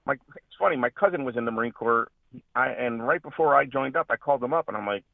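A man, a veteran and radio guest, talking earnestly about his service, halting and restarting often. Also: medium pitch, gravelly, dry recording, phone-quality sound. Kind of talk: radio interview.

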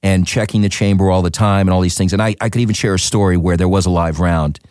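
A man's voice: low-pitched, fast talker, no room sound, clean studio sound. A man, an actor, chatting casually in an interview and telling stories with lots of fillers. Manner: animated, storytelling with many fillers. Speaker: actor guest.

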